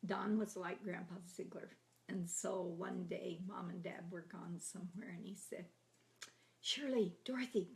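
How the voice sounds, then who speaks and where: A woman in her eighties telling family stories from her childhood in a chatty, laughing way, often trailing into soft half-whispers. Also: fairly low pitch, creaky. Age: 80s. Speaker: grandmother telling her life story. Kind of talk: casual oral history reminiscing.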